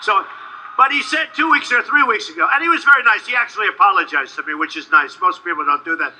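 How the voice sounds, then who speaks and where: High, bright-voiced man at a rally. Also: quick pace, slight background noise, low-quality recording. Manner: rambling, repetitive, boastful; shouts at times to a crowd. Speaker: political candidate. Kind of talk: campaign rally speech.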